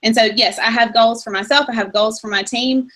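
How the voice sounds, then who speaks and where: A woman's voice: on the high side, steady tone, a little fast, a bit bright, rough recording. A woman giving a firm, rallying motivational talk about goals and purpose on a team conference call. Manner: firm, rallying, goal-driven. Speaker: guest speaker on a team call.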